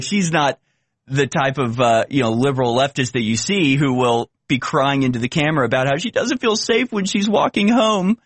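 Male commentary host, sarcastic and ranting, mid pitch, dry sound. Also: no room sound. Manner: sarcastic, ranting, rhetorical questions. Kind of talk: opinion commentary.

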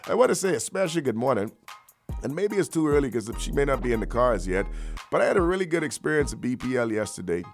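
A man hosting a morning radio show, talking in a loose, energetic, rambling way full of slang. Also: mid-range voice, quick pace, soft background music. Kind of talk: casual morning radio banter.

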